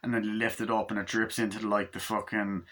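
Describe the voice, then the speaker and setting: A man's voice: on the low side, flat delivery, brisk, fairly bright tone. A man giving a rambling, enthusiastic casual movie review, swearing freely as he walks through the scenes.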